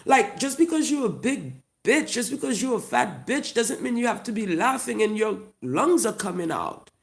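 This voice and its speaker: A comedian with a Haitian accent tells a profane, loud, mocking story straight to camera. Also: medium pitch, sing-song, moderate pace.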